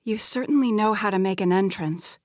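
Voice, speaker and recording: A woman's voice: mid-range voice, moderate pace, no echo, clean studio sound, natural voice. A woman reading an audiobook, voicing a distraught young woman whose voice breaks. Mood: irritated. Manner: breaking, tearful delivery.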